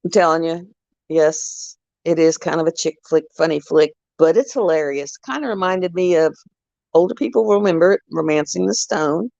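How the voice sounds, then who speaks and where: A woman's voice: low-pitched, normal speed, gravelly, darkish tone, dry recording, muffled recording. A middle-aged woman rambling through chatty stories while hosting a casual livestream. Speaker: livestream host. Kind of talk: casual chat while crafting.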